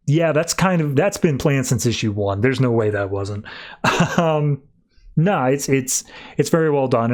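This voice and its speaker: A male podcast host recapping a comic book in casual chat. He rambles quickly through the story, with plenty of fillers and restarts. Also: medium pitch.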